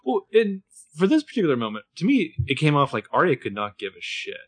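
A man's voice: on the high side, wildly swooping pitch, quick pace. A man co-hosting a casual TV recap podcast, chatty and joking. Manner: chatty, with playful jokes. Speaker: podcast co-host.

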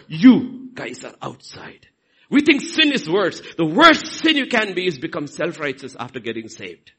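Indian male pastor, middle-aged, bright and husky, lively pitch swings, dramatic delivery. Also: low-quality recording. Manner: dramatic, swings between loud emphasis and soft asides. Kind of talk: sermon.

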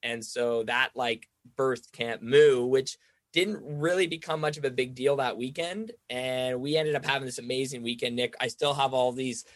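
A man's voice: medium pitch, moderate pace, no room sound. A young man telling a long story in casual chat, rambling with lots of "like" and acting out the voices of the people in it. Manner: rambling, says "like" constantly, acts out quoted voices.

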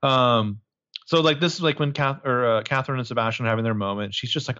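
A man's voice: medium pitch, quick pace, pushed and bright. Joking man with a dull, lo-fi sound. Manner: crude, joking, rambling with many fillers. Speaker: podcast co-host. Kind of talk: casual movie recap chat.

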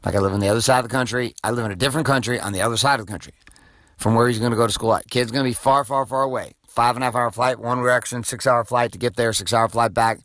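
A man's voice: mid-range voice, steady tone, rapid-fire, a bit bright, dry recording. A man in his forties, the host, giving an off-the-cuff motivational monologue in an intense, profane way, full of "like". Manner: profane, intense, filler-heavy. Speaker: podcast host.

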